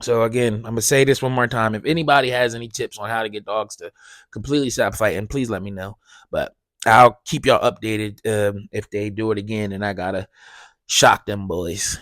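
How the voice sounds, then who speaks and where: Guy ranting on his podcast, swears a lot, goes loud and high when he's mad, dry mic. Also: fairly even intonation, a little fast, no room sound. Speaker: podcast host. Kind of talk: casual ranting monologue.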